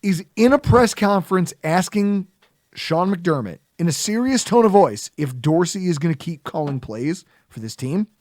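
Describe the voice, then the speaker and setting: A man hosting a casual sports podcast, ranting in an animated, sarcastic, heckling way. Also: high voice, normal speed, no echo, clean studio sound. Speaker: podcast host.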